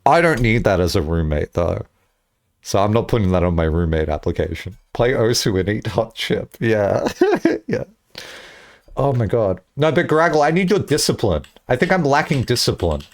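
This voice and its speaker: Young aussie guy streaming, rambly and sweary, pitch jumping all over the place. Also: normal speed. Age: young adult. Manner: rambling, profane, laughs often, animated storytelling. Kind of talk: casual stream chat.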